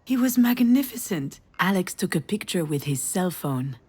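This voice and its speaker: A woman's voice: fairly low pitch, expressive, moderate pace, dark tone, husky. An actress playing a mother who tells her grown daughter a family memory in a tender storytelling voice. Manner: tender storytelling, rising with emotion.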